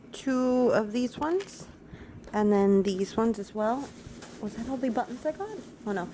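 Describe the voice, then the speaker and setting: A woman's voice: medium pitch, noisy background. A young woman chatting through a casual daily vlog at home, rambling and talking to her dogs. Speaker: vlogger. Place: at home, indoors.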